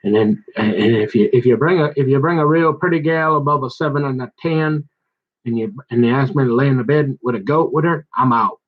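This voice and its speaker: A man's voice: mid-range voice, fairly quick, phone-quality sound. A man talking in a loose, slangy, rambling monologue that jumps from one story to the next and keeps restarting his sentences.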